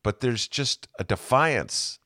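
A man hosting a podcast interview, speaking thoughtfully and haltingly as he searches for his words. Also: medium pitch, lively intonation, pushed and bright, dry recording, clean studio sound. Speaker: podcast host, former radio host. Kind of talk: conversational interview.

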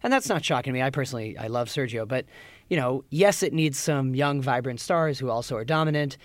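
Animated male podcast co-host. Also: medium pitch, brisk, no echo. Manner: animated storyteller, mimics crowd shouts. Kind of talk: casual chat.

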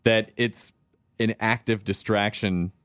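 A man's voice: fairly low pitch, fairly even intonation, slow, a bit bright, dry recording. Guy hosting a podcast, goes off on tangents, jokes around, dry sound no room. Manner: rambling, jokey, swears. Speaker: podcast host. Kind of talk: casual chat.

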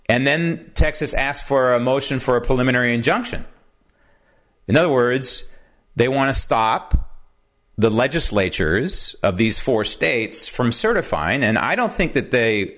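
A man hosting his own talk program, giving an animated political commentary monologue, often asking "right?" and drifting into asides. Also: medium pitch, measured pace. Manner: digresses into anecdotes. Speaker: host.

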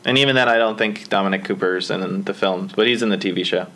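A man's voice: low voice, fast talker, a bit bright. A man hosting a casual movie discussion, explaining trivia in a chatty way with some fillers.

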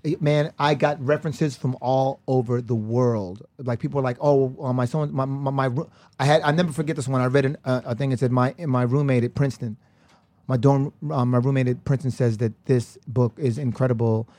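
A man's voice: mid-range voice, steady tone, a little fast, warm tone, no echo. A man guest on a podcast, telling stories casually, laughing often and acting out the voices of people he quotes. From United States. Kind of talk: casual storytelling.

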